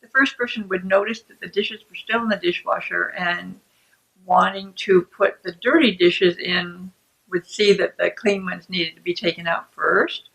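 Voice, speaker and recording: A woman who writes self-help books, explaining shame calmly and deliberately to the camera. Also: mid-range voice, gravelly, poor audio. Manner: calm and deliberate.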